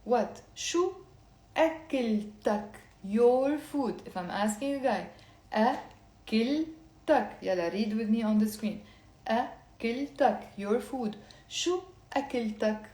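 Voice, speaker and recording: A woman teaches a live online language class. Her voice sits fairly high, and she repeats each phrase patiently, first slowly and then at normal speed. The sound is roomy and echoey, recorded on a computer mic. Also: dark tone. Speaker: Lebanese Arabic teacher.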